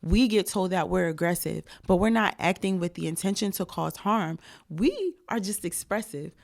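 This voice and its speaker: A woman's voice: on the low side, lively intonation, moderate pace, creaky, darkish tone. A woman in her thirties from New Jersey, a guest talking in casual conversation in an emphatic, slangy way. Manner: emphatic, street slang, talks like a rapper.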